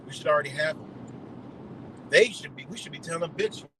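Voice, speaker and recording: A man's voice: a little high, quick pace, fairly bright tone, slight background noise, rough recording. A man on a live stream delivering a heated, profane rant full of rhetorical questions. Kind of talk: ranting monologue.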